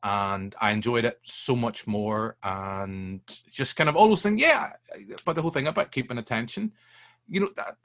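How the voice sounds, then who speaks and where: Animated, swearing man. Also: medium pitch, normal speed. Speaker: film podcast guest. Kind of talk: casual chat.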